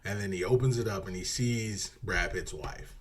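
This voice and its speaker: A man co-hosting a podcast, casually retelling a movie plot in a rambling, animated way, swearing and acting out quotes. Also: deep voice, moderate pace, husky. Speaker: podcast co-host.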